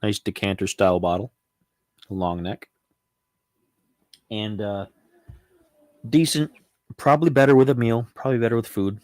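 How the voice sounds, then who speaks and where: Reviewing cognac on a casual home vlog about spirits, this channel host has a deep voice and no echo around him. He talks loosely and rambles, often saying um, restarting and correcting himself.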